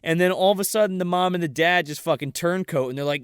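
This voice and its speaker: A man's voice: fast talker, few pauses, clear, resonant tone, no echo, studio quality. A man casually recapping a movie with friends, swearing freely and acting out characters in mocking voices. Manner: profane, acts out characters in high mocking voices. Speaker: podcast co-host.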